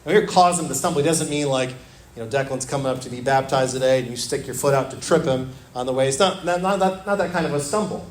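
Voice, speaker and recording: A man preaching a sermon as pastor in a church. He talks earnestly and repeats his phrases, dropping to a soft, low voice when he quotes scripture. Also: fast talker, a little hiss or hum. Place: church sanctuary. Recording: echoey church room with faint ambience.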